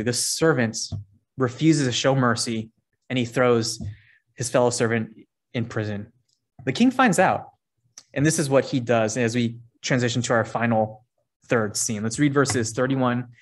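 A man preaching a sermon, earnest and conversational, reading scripture verses aloud between his points. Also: mid-range voice. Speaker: pastor.

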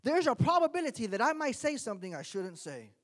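Male pastor, sermon delivery, very expressive pitch, drops low then climbs loud for emphasis. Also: fast. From Miami, United States. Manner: animated preaching that swings from quiet to loud.

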